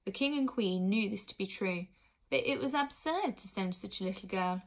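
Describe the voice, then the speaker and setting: A woman reading a children's storybook aloud as narrator, clear and expressive. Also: medium pitch, normal speed. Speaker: audiobook reader.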